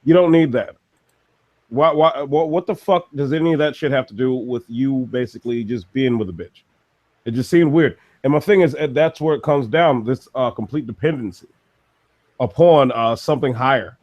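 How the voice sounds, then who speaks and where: A man's voice: medium pitch, moderate pace, darkish tone, lo-fi sound. A man ranting bluntly and profanely in a casual podcast chat.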